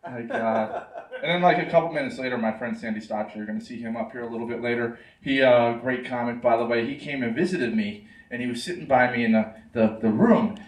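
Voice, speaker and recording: A man from New doing a stand-up comedy set, rambling and self-mocking with quick asides to the crowd. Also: medium pitch. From New York. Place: comedy club stage. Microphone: handheld stage mic heard from the room camera. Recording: roomy club sound from a distant camera. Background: audience laughter.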